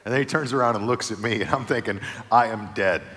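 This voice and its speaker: A male pastor delivers a sermon, spinning a humorous personal anecdote with energetic, comic build-ups and gentle, softer turns. His voice sits in an ordinary middle range. The sound carries the long reverb of a large hall. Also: medium pitch, racing. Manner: lively storyteller, builds to excited comic peaks then softens.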